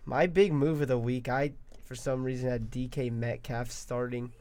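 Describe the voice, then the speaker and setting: A man's voice: medium pitch, steady tone, moderate pace, dark tone. A young man co-hosting a casual sports podcast, chatty and a bit boastful. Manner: chatty, boastful about his fantasy team. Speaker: podcast co-host.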